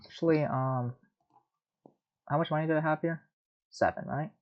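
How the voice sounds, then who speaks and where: A man's voice: a little high, steady tone, moderate pace, muffled recording. A man giving casual, rambling commentary while playing a card game, muttering and mocking himself.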